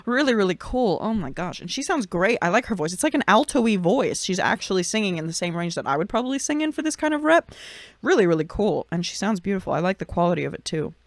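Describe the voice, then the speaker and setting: A woman reacting live to a song, talking with enthusiasm while she analyzes the singer's technique in a relaxed, chatty way. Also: mid-range voice, fast, dry recording. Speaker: vocal coach reacting to music. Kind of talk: casual live reaction commentary. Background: song playing clearly.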